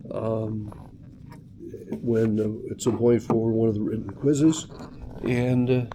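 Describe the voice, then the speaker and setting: A man's voice: medium pitch, background noise. A man teaching congregational song leading, patiently coaching and counting beats aloud. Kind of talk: instructional lesson. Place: church.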